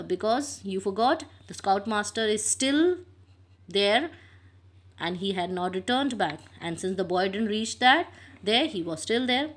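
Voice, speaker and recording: A woman teacher, retelling a story line by line and stopping to define words, with halting restarts. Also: medium pitch. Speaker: English teacher. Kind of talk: retelling and explaining a story lesson.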